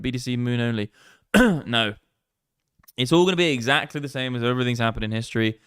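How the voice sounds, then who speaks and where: Sweary man, smooth dry voice. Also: mid-range voice, lively intonation, fairly quick, a bit bright, no room sound. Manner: brash, sweary banter with a running joke. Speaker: crypto trading livestream host. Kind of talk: casual livestream chat, reading viewer comments.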